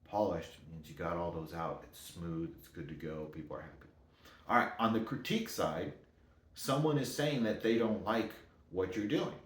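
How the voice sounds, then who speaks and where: A man's voice: deep voice, normal speed. A man giving a casual motivational talk, rambling and correcting himself as he goes. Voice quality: talks in loose, rambling sentences with self-corrections. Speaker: motivational speaker. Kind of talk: casual monologue. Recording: echoey room.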